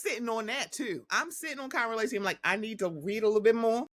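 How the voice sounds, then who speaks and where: A woman hosting a casual podcast, telling stories in an animated, sassy way. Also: on the high side, fast, dry recording. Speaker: podcast host.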